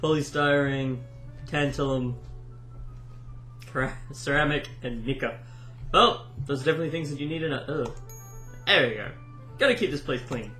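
A man giving casual let's-play commentary, excitable and easily amused. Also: mid-range voice, moderate pace, pauses often. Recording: roomy echo with game music behind.

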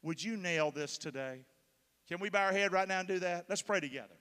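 A man's voice: sits high, fairly quick, fairly bright tone, clear, resonant tone. A middle-aged man preaching a sermon, leading the congregation in prayer and pressing them to answer back. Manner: emphatic, leads prayer, calls on the congregation. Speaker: pastor. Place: large church hall. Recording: long hall reverb from a church.

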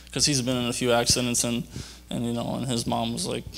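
A young man giving a rambling personal testimony at a church youth conference, halting and full of fillers and restarts. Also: medium pitch, little pitch movement, gravelly. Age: young adult.

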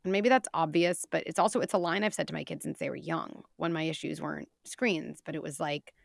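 Woman psychologist guest, animated storyteller, gravelly fry, dry close-miked. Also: sits low, brisk, dry recording. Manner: animated, acts out scenes with quoted voices. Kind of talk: casual interview talk.

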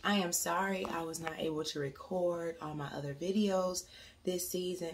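A woman's voice: lowish voice, steady tone, normal speed, slight background noise. A young woman, a mother, chatting casually to her camera in a family vlog and often saying "you guys" and "y'all". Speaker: vlogger, working mom of three.

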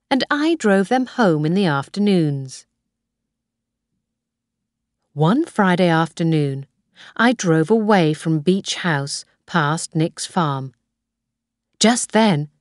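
A woman narrating a graded reader story in a slow, clear, careful way. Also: fairly low pitch, no room sound, clean studio sound. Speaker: audiobook narrator.

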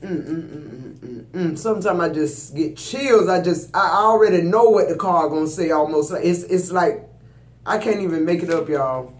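Preachy tarot reader in a roomy space. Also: male voice, high-pitched, moderate pace. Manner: preachy, emphatic, addresses viewers directly. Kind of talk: spiritual tarot reading. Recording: roomy echo.

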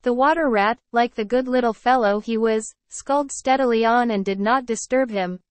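A woman teacher reading a story aloud to children, pausing to explain words. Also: a little high, no room sound. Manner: clear, explaining, addresses children. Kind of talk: read-aloud lesson with word explanations.

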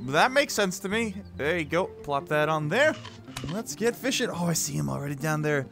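An excitable, playful man talks his way through a fishing game, laughing and chatting to the fish as he goes. His voice sits high and swoops lively up and down. Faint music plays underneath. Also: moderate pace, creaky. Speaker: gaming video host. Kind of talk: playing a VR fishing game with running commentary.

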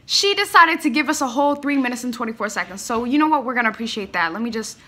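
A young woman hosting a music reaction, gushing and exclamatory, swinging between loud squeals and quiet musing. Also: fairly high pitch, lively intonation, fast. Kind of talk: excited reaction commentary.

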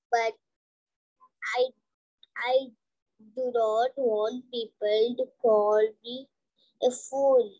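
Slow halting young reader, high voice. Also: female voice, warm tone, rough recording. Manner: slow, halting, careful reading with restarts. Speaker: student reader. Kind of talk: reading a storybook aloud.

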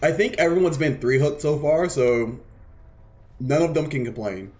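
A man's voice: a little high, lively intonation, moderate pace, a little mellow. A man streaming a game live, casually explaining strategy while teasing the players on screen and swearing freely. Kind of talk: live gameplay commentary.

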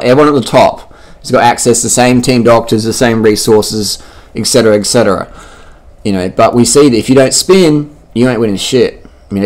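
A man giving casual commentary over race footage in a blunt, mocking, heavily profane way, throwing in buzzing sound effects. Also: mid-range voice. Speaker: cycling vlogger.

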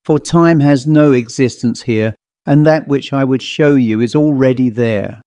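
A man voicing a mysterious old man who speaks in a deep, hushed whisper, in an audiobook ghost story. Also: unhurried, no echo, natural voice.

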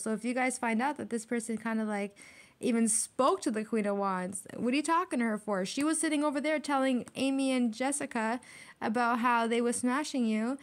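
Laughing, slangy young woman tarot reader. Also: fairly high pitch. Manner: slangy, blunt, laughs often. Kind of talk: casual tarot reading.

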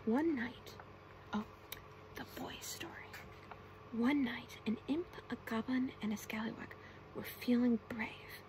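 A woman reading bedtime stories aloud as whispered role-play, in a soft, hushed manner. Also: fairly high pitch, slow, pauses often, rough recording. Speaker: ASMR storyteller.

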